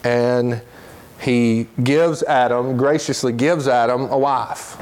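With a mid-range, darkish voice, a man teaches a Bible lesson in Sunday school earnestly. He reads passages aloud in fast bursts and eases his pace when emphasizing something.

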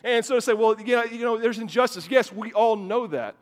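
A man's voice: very high-pitched, brisk. A man preaching a sermon to a congregation in a church, weaving in personal stories and often repeating words at the start of phrases. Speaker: pastor. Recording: long hall reverb.

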